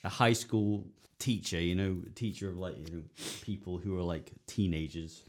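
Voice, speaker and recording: A man's voice: low voice, fairly even intonation, moderate pace, darkish tone. A man co-hosting a casual chat, rambling with many fillers and putting on voices to act out scenes. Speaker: podcast co-host.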